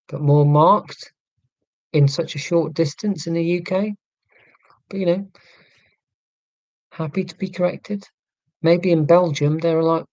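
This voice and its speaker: A man's voice: a little high, a little mellow, no room sound, highs cut off. A man from southern England hosting a casual live stream, reading chat and musing in a tangential, self-deprecating way. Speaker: livestream host reading chat.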